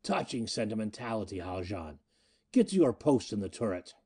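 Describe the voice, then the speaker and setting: A man voicing a sardonic, commanding male pirate captain with a rasping note in an audiobook. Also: medium pitch, sing-song, moderate pace, warm tone.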